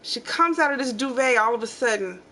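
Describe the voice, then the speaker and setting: Bright-voiced animated woman telling stories. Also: a little high, brisk. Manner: animated storyteller, acts out quotes loudly. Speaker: channel host. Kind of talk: casual storytelling chat.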